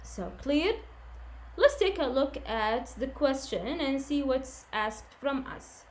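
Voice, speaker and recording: A woman teaching English, speaking slowly and patiently and repeating each instruction. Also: high-pitched, lively intonation. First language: Arabic. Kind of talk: online lesson, switching to Arabic.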